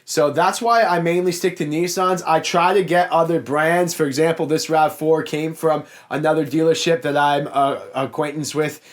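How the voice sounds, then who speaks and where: A man's voice: a little high, fairly even intonation, normal speed, hardly any pauses. Frank, chatty Canadian man. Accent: Canadian, Niagara Ontario. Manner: frank, chatty, addresses viewers as guys. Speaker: car salesman and YouTube host. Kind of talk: casual Q&A answering viewer comments.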